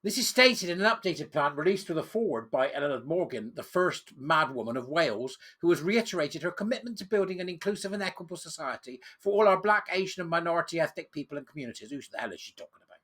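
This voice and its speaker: Scornful man with a bright husky voice. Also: a little high, expressive, fast talker, hardly any pauses. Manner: sarcastic, scornful and emphatic. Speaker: political commentator. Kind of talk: reading news and ranting commentary.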